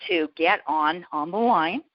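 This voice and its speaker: A woman guest chatting in an interview, lively and self-deprecating, laughing often and a bit out of breath from walking around. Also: low voice, measured pace, no echo, muffled recording. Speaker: guest, author and prayer coach. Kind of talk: casual interview chat.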